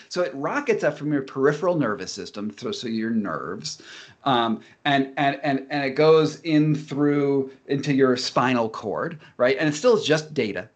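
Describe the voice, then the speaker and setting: A man explaining ideas in casual talk, animated and often repeating words as he restarts. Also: mid-range voice.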